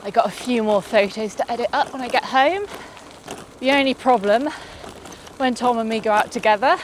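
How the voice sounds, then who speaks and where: A woman's voice: fairly high pitch, moderate pace, a little hiss or hum. A woman vlogging casually while cycling through a forest, chatting away and cooing at animals she meets. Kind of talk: casual chat while riding. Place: outdoors in a forest on a bike.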